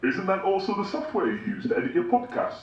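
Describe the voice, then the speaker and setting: A man playing a comedian's sardonic conscience, dry and deadpan as he needles his host. His slightly high voice moves up and down a lot. It comes through as a dull, distant playback in an echoey room. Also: fast talker, heavy background noise.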